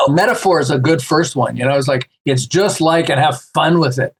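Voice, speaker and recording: Animated man telling stories, slightly high voice. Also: brisk, creaky, slightly rough. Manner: animated, acts out quoted voices with laughs. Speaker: podcast guest, author. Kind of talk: casual storytelling chat.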